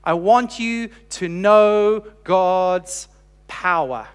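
A man preaching a sermon, telling a story earnestly with slow, emphatic pauses and dropping quiet for quoted lines. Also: sits high, clear, resonant tone. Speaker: pastor. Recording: long reverb of a large hall.

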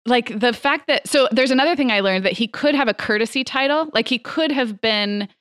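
A woman's voice: fairly high pitch, a little fast, a bit bright, clean tone, no room sound, clean studio sound. A woman in her thirties co-hosting a podcast, chatting casually and laughing often. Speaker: podcast co-host. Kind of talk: casual chat.

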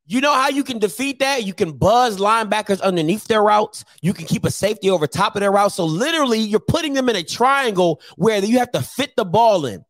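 High-voiced man arguing football heatedly. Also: animated, fairly quick, hardly any pauses, a bit bright, dry recording. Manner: argumentative, insistent, repeats points. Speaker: sports talk show panelist. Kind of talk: heated sports debate.

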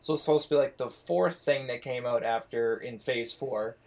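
A man's voice: mid-range voice, normal speed, creaky, heavy background noise. Enthusiastic rambling man on a podcast. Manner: enthusiastic, rambling, swears casually. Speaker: podcast host. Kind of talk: casual chat.

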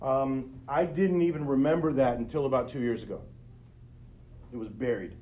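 A man's voice: mid-range voice, normal speed, a little mellow, muffled recording. A middle-aged man hosting a podcast, telling a personal story in an earnest, conversational way and speaking straight to his listeners. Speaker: podcast host.

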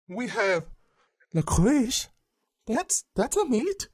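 A curious alien servant from a kids' audio story, voiced by a woman, slightly rough and husky, speaking slowly with a wildly rising and falling tone. Dry, close recording. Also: fairly high pitch, sing-song, darkish tone, no room sound, full character voice.

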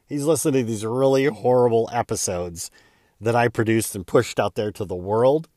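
A man, a real estate agent, telling a heartfelt personal story in an earnest way that speeds up and slows down with emotion. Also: medium pitch, darkish tone, dry recording, studio quality.

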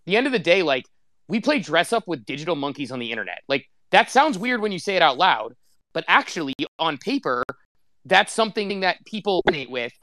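A man on a casual panel, telling stories in an excited rush with a lot of "like". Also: on the high side, no room sound. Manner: rapid, excited storytelling with lots of "like".

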